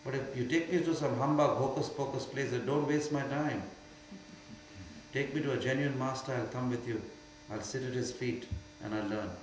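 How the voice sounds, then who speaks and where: An older man with an Indian accent gives a spiritual Q&A talk, emphatic and often mocking. His voice sits at a middle pitch. It rings through a very echoey hall over a faint mains hum. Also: steady tone, moderate pace. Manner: emphatic, swings from quiet to loud and mocking. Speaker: spiritual teacher.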